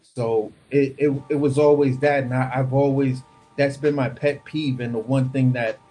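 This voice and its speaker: A man's voice: mid-range voice, warm tone. A man from Brooklyn, a chef telling stories from his life in blunt, profane street slang. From Brooklyn, New York. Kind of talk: casual storytelling.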